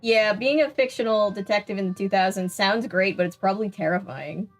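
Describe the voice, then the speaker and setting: A woman's voice: medium pitch, fairly quick, soft background music. A woman with a Southern US accent, chatting casually and laughing often while streaming a video game. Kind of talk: casual gameplay chat.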